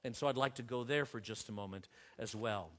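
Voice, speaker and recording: A man preaching a sermon, building to forceful peaks and dropping low again, with frequent restarts. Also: a little fast. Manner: impassioned preaching, rising and falling in force, with restarts. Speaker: pastor.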